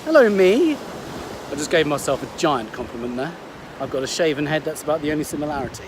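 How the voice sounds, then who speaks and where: A man's voice: a little high, fairly even intonation, fast talker. Upbeat Englishman over beach wind. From England. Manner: chatty and upbeat, with restarts. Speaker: health coach. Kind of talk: casual vlog storytelling. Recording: wind and ocean noise behind.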